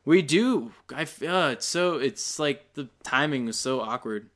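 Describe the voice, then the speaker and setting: A man's voice: mid-range voice, animated, unhurried, a bit bright. A man co-hosting a casual podcast, dry and teasing. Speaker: podcast co-host. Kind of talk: casual chat.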